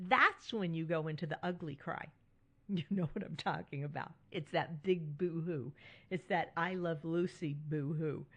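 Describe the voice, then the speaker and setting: A middle-aged woman hosting a solo podcast, speaking frankly and reassuringly and often checking in with "right?". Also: medium pitch. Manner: warm, reassuring and frank, with frequent "right?" tags. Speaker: podcast host.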